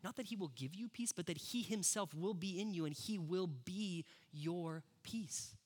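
A pastor preaches in a fairly high, easy voice, talking with his congregation rather than at them. He checks in with quick questions. His tone is casual and direct. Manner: conversational, addresses the congregation directly. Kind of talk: sermon.

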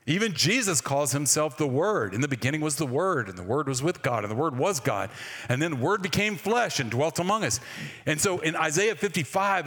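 A man's voice: on the high side, fairly bright tone, breathy edge. A man preaching a sermon in a conversational way, often asking the congregation questions. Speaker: pastor. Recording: reverberant church hall.

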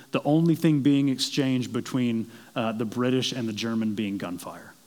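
A man in his thirties preaching a sermon to a congregation, conversational and self-deprecating, telling stories as he goes. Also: mid-range voice. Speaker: pastor.

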